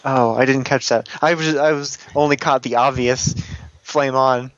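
A man talking casually on a podcast, laughing often and tripping over his words as he rambles. His voice sits at an ordinary middle pitch. The recording is dull and lo-fi. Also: fairly even intonation, normal speed, fairly bright tone, no echo. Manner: rambling, giggly, lots of fillers and restarts. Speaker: podcast co-host. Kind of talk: casual chat.

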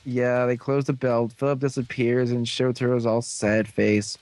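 A podcast host on a casual voice call rambles through an episode recap, acting out the characters' lines. His mid-range voice is a little mellow, flat in delivery and measured in pace.

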